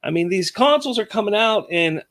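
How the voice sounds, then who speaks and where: A man's voice: high-pitched, animated, a little fast, fairly bright tone. A man in his thirties hosting a casual family chat as a father, easygoing and joking, chuckling often. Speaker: podcast host and father.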